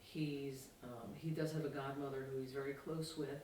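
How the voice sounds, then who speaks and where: A man's voice: medium pitch, level tone, moderate pace, darkish tone, a little hiss or hum. A man who works at a school speaks about his host child in a documentary interview, thoughtful and hesitant, with many fillers. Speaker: school staff member and Kenny's host parent. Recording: echoey room, mic at a distance.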